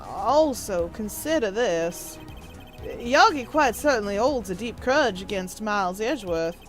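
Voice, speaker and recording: A woman voicing a pompous older male lawyer, reading game dialogue aloud in a slow, deliberate way. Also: mid-range voice, animated, soft background music, pitched below the performer's own voice, lightly acted. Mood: grave.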